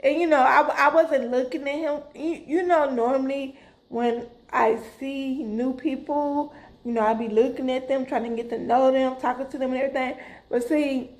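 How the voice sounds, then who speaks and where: A middle-aged woman tells a story straight to her viewers. Her voice sits high and she talks in a lively, dramatic way, calling out to them as "y'all". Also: moderate pace. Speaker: vlogger. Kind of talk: casual storytelling to camera.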